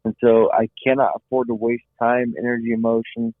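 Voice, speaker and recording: Fairly quick and level, a middle-aged man with a medium-pitched voice earnestly relates a personal survival story as a guest. Words get repeated as he searches for them, and the sound comes through a tinny, phone-like line that's dry and echo-free.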